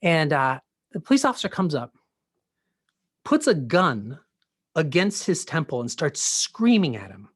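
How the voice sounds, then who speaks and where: A man's voice: a little high, big pitch swings, unhurried, long pauses, breathy edge, no room sound. Earnest male pastor telling a story. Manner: earnest storytelling, acts out quoted voices, many fillers. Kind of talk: personal story in a sermon.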